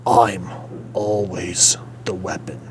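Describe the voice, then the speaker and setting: A man's voice: low voice, steady tone, takes it slowly, a little mellow, a little hiss or hum, pitched below the performer's own voice. A man voicing a grim male vigilante who delivers a clipped threat. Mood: menacing.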